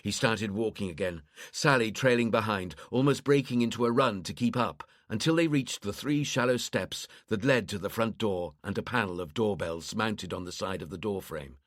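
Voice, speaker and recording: A man reading a crime thriller audiobook in a steady, measured narration. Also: lowish voice, no room sound, clean studio sound.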